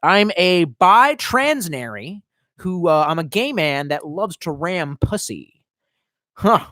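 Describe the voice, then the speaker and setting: Very animated but slow-paced, a drunk-sounding man in his 20s with a high voice chats on a live stream and reads chat comments aloud. He rambles, curses nonstop and lurches from loud outbursts to quiet mutters, recorded dry at studio quality.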